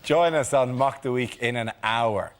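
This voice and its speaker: A man's voice: medium pitch, unhurried. A man hosting a comedy panel show, recording trailer takes, laughing at his own flubs and swearing freely. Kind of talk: joking trailer takes between rounds. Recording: loud studio audience and noise.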